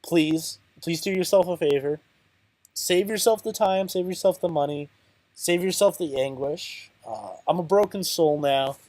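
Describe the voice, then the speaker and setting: A man's voice: fairly high pitch, a little slow, a little mellow, dry recording. A man giving casual, rambling commentary on his card game, muttering to himself, counting aloud and mocking his own bad luck. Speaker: channel host playing a card game.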